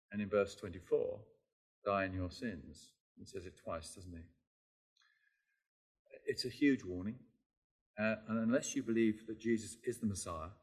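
A man's voice: lowish voice, slightly rough. A man preaching a sermon in a conversational, emphatic way, repeating key phrases and asking tag questions.

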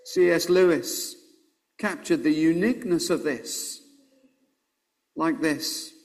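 Slow, high-voiced earnest male preacher. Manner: earnest, measured preaching with pauses. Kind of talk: sermon.

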